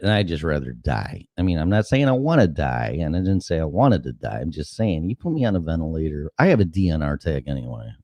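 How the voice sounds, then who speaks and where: Gravelly-toned low-voiced man ranting. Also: no echo, clean studio sound. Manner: profane, rambling, animated storytelling. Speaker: show host. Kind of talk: casual monologue.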